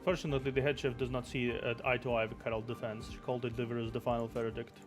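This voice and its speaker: A young male streamer reads a game's story aloud, often stumbling over words and correcting himself. His voice sits at an ordinary male pitch. Game music plays clearly behind him. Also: level tone, quick pace. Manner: stumbling, self-correcting reading. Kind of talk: reading game story aloud, casual chat. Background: background game music.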